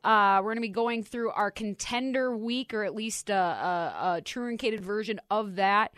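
A woman's voice: mid-range voice, measured pace, fairly bright tone, no echo. A woman co-hosting a sports talk radio show, chatty and upbeat, speaking into a studio mic. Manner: chatty, upbeat, self-deprecating.

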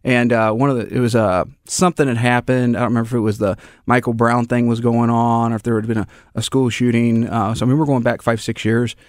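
A man's voice: medium pitch, flat delivery, quick pace, few pauses, darkish tone, no echo. Male co-host, casual storyteller, mid voice, dry sound. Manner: chatty storyteller. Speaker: co-host and gun shop owner. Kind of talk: casual chat.

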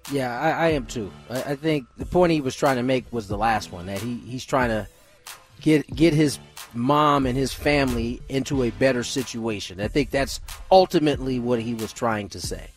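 Measured male sports radio co-host. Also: medium pitch, faint music behind.

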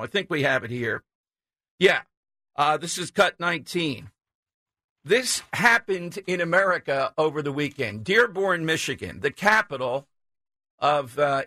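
A man's voice: on the high side, pushed and bright, dry recording. A man hosting a talk radio show, giving emphatic, sarcastic commentary into a studio mic.

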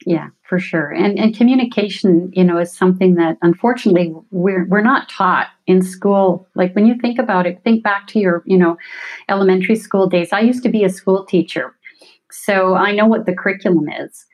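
Guest coach, woman, middle-aged, earnest and reflective, medium pitch. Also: moderate pace, poor audio. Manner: earnest, explanatory, self-reflective. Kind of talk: conversational interview.

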